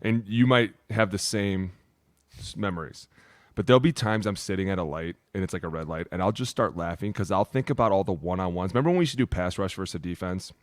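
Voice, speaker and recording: A man's voice: sits low, fast, no echo, studio quality. A man, a former lineman co-hosting a podcast, rambling in a loose, profane locker-room way. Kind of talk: casual chat.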